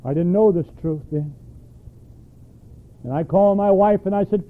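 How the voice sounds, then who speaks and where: A man's voice: high voice, moderate pace, narrow, tinny audio. A man preaching a sermon, emphatic and throwing questions at his congregation.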